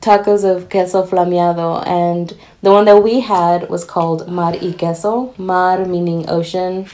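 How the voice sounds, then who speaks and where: A woman co-hosting a casual podcast, explaining things in a relaxed way with loose fillers. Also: on the low side, a little slow. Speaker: podcast co-host.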